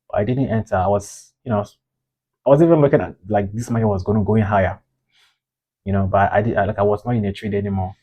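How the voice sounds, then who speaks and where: A man's voice: on the low side, steady tone, normal speed, darkish tone. A man reviewing his own trades in a casual, rambling way, frustrated and scolding himself for his mistakes.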